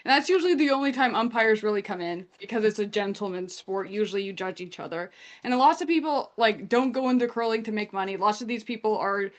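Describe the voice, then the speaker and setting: A young woman from Canada telling a story in casual chat, animated and acting out quotes. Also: medium pitch, fast. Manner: animated retelling with acted-out quotes. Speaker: guest storyteller.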